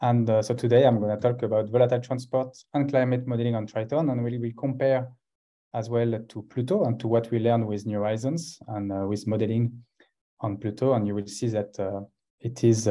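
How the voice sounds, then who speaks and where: A man's voice: medium pitch, steady tone, fairly quick, warm tone. A man with a French accent presenting a science talk over a video call, with frequent hesitations. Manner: hesitant, many uhs between phrases. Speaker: guest scientist.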